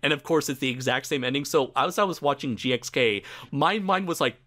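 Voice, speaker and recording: A man's voice: medium pitch, a little fast, bright, forceful tone. A man hosting a casual film review podcast, swearing freely and laughing often. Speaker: podcast host.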